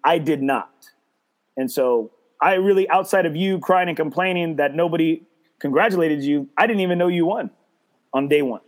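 Pitched fairly high and speaking at normal speed, this man tells a story on his informal podcast. He curses plenty, keeps fumbling and restarting, and adopts a mocking voice to quote others.

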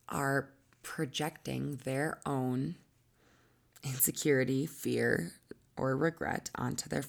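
In a teaching monologue, a female coach with a low, husky voice and gravelly fry explains ideas at length. She acts out quoted voices and sometimes drops into soft, breathy asides.

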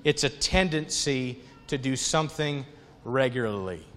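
Male pastor, conversational sermon delivery, lively storytelling; hall reverb. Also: mid-range voice, unhurried, a little hiss or hum.

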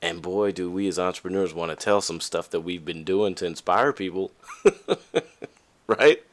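Deep-voiced man giving candid pep talk. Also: a little slow. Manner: candid, conversational, frequent fillers and restarts; lively, pitch jumps high for emphasis. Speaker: podcast host. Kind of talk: casual motivational monologue.

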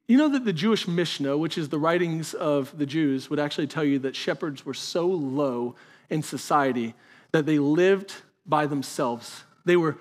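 A man, a pastor preaching a sermon in a conversational way that builds to emphatic peaks. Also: on the high side.

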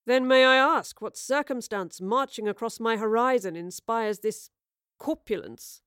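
A man's voice: very high-pitched, measured pace, fairly bright tone, clear, resonant tone, dry recording, clean studio sound. A woman reading a storybook voices a proud young man with formal, cutting remarks. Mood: probing. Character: young man, proud, sharp-tongued, searching.

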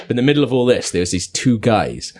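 A man's voice: mid-range voice, sing-song, fast talker, darkish tone. A young man telling a rambling, sweary, self-deprecating anecdote in casual chat. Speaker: podcast guest storyteller.

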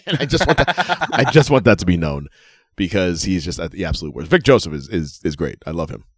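A low-voiced man co-hosts a wrestling podcast, ranting briskly, swearing and laughing a lot in casual, animated chat. The recording is clean studio sound with no room noise.

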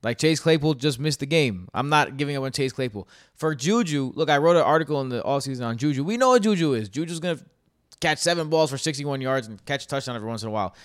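A man in casual podcast banter, animated and joking, with a middle-pitched voice. His voice is dry and close, with no room sound. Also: fast, no echo. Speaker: podcast co-host. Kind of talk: casual chat.

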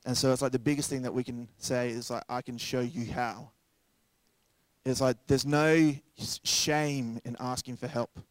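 A man's voice: medium pitch, steady tone, moderate pace, few pauses, no room sound. A young man preaching a sermon in a casual, joking way, acting out quoted voices along the way. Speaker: pastor.

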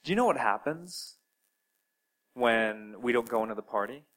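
A man's voice: mid-range voice, expressive, moderate pace, poor audio. Earnest man preaching a sermon. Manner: earnest, with wide swings in loudness; talks to listeners with direct questions.

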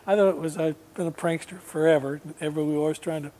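A man, a guest musician, telling a long anecdote in relaxed, rambling conversation, laughing now and then. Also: a little high, rapid-fire, hardly any pauses. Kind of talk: casual storytelling.

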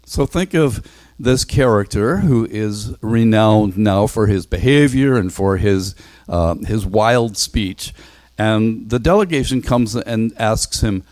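Deep-voiced man telling Bible stories. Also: unhurried, no room sound. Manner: animated, acts out dialogue, self-correcting. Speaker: Bible teacher. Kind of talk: storytelling Bible talk.

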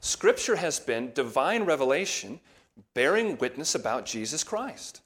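A man preaching a verse-by-verse sermon as pastor, in a measured teaching tone that leans on key words. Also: a little high, very animated, fairly bright tone. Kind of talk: expository sermon.

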